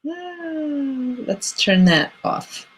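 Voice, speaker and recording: Speaking extremely slowly, this woman has a high voice with big swings in pitch. She co-hosts a relaxed livestream over a video call, picked up by her computer mic, where she chats, laughs a lot and sorts out technical problems.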